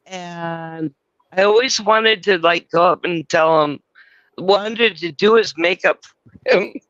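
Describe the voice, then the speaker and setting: A man's voice: sits high, takes it slowly, fairly bright tone, no room sound, muffled recording. A man from California hosting a casual live chat, telling rambling stories and swearing freely. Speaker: host.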